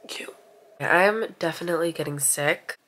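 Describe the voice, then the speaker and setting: A woman's voice: low-pitched, unhurried, bright, forceful tone, slight background noise. A woman in her twenties from England, chatting casually to camera at home with a stuffy nose from a coming cold. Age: 20s. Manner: chatty, gushing, self-mocking. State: stuffy nose, getting sick. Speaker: vlogger. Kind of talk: casual vlog chat to camera. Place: home, indoors.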